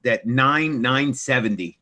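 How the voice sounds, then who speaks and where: A man's voice: mid-range voice, expressive, takes it slowly, sharp tone. A man from Philadelphia with a Philadelphia accent, joking loosely in a group chat.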